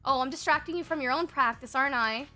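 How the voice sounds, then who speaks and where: A woman's voice: high voice, fast, bright, forceful tone, soft background music. A young woman livestreaming a game, chatting casually with her chat, giggling often, swearing freely and reading game text aloud. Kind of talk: casual gaming stream chat.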